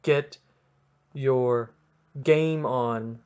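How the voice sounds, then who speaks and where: A man's voice: mid-range voice, measured pace, vocal fry, long pauses, muffled recording. A young Canadian man hosting a podcast, telling a story casually, mocking himself and acting out quotes dramatically. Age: young adult. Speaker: podcast host.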